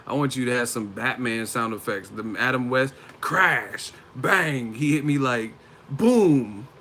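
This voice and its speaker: A man's mid-range, fairly bright voice moves a little fast with fairly even intonation as he chats about boxing on a casual live stream. He frequently laughs and swears while mockingly impersonating the fighters.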